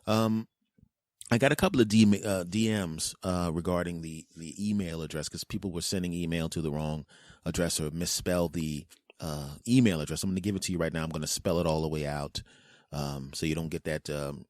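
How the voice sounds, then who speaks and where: A man in his forties riffs on his podcast in a loose, jokey monologue that wanders as he goes. His voice sits very low and deep. The sound is dry and close on the microphone. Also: steady tone, brisk, darkish tone, no echo. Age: 40s. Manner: playful, rambling, jokey asides. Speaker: podcast host. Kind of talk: casual comedic monologue.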